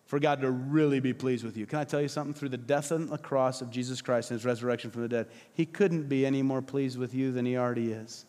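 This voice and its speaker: A man's voice: fairly even intonation, quick pace, hardly any pauses. Passionate male pastor preaching in a hall. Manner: passionate, emphatic preaching with repetition; acts out quoted voices, drops to soft low tones. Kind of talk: sermon. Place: church hall.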